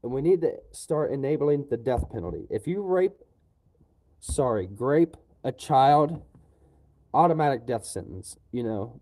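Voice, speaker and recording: A man streaming live, holding forth on politics in a repetitive, profane rant. His voice sits at a middling pitch with a dark, mellow tone, and he keeps tacking on "you know" to his lines. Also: poor audio. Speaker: livestreamer. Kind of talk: angry political rant on a livestream.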